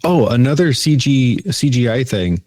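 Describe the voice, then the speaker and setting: A man co-hosting a film review podcast, mostly giving short, relaxed agreeing replies. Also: mid-range voice, moderate pace. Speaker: podcast co-host. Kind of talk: casual film review chat.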